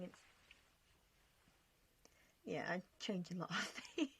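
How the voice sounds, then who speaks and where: A woman's voice: fairly low pitch, normal speed, pauses often. Chatty self-mocking woman. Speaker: game vlogger. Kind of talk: casual commentary over gameplay.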